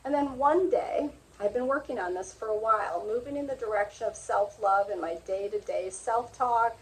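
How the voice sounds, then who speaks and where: A woman's voice: mid-range voice, low-quality recording. A middle-aged woman hosting a motivational talk, speaking earnestly and sharing personal stories in a confiding way. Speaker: host.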